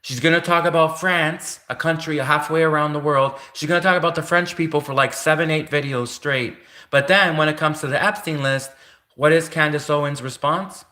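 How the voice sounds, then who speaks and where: Bright-voiced man ranting on a livestream. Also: on the high side, steady tone, moderate pace. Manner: repetitive, keeps addressing his target directly. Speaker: livestream host. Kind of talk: casual ranting monologue.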